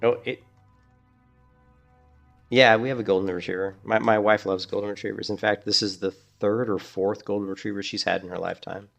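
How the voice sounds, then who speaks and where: A man's voice: fairly low pitch, fairly even intonation, brisk, gravelly, a bit bright, soft background music. A man chatting casually and rambling as he streams a game. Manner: rambling, chatty, restarts a lot. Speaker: gaming streamer. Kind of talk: casual gameplay commentary.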